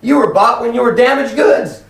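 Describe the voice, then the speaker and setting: A man preaching a lively sermon in a church hall, acting out voices as he tells stories. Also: very high voice, moderate pace. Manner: animated, acts out voices in stories. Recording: echoey hall, from far off, faint noise.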